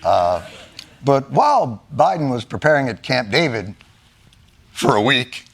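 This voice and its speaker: A man delivering a comedic monologue as a late-night host, swinging between mock-serious muttering and bursts of shouting. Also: medium pitch, very animated, a little slow, vocal fry, slight background noise.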